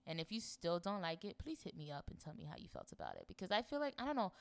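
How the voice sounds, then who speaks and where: A young woman from Florida, co-hosting a podcast in chatty, animated casual conversation. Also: on the low side, fast, vocal fry. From Florida, United States. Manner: chatty and animated, swings into playful put-on voices. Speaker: podcast co-host. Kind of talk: casual chat.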